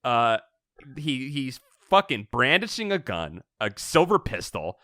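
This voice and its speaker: A man co-hosting a podcast, recapping a story in casual chat, animated and laughing often. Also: medium pitch, a little slow, heavy background noise. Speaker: podcast co-host.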